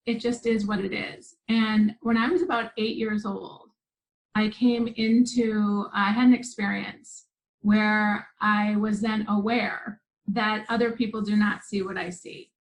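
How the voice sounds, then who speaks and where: A woman's voice: medium pitch, flat delivery, unhurried, low-quality recording. A woman guest telling a personal story in an interview, earnest and vivid, with frequent restarts. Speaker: guest, spiritual teacher.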